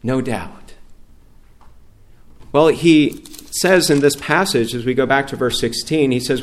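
A man's voice: mid-range voice, measured pace, pauses often. A middle-aged man preaching a sermon as a guest pastor, reading scripture out with rising force.

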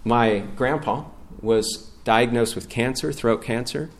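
Middle-aged man, guest preacher, earnest sermon, swells loud on scripture readings. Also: mid-range voice, slow.

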